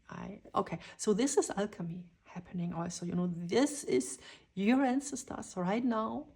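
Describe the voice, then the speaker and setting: A woman giving a dreamy, spontaneous channeled tarot reading, drifting into whispers and excited exclamations. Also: mid-range voice, normal speed, vocal fry, slightly rough. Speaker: tarot reader.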